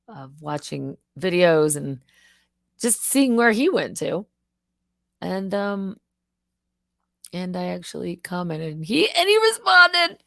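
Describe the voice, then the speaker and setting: A woman live streaming, chatting casually in an excitable, rambling way, swearing and laughing often. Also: low-pitched, gravelly, no echo.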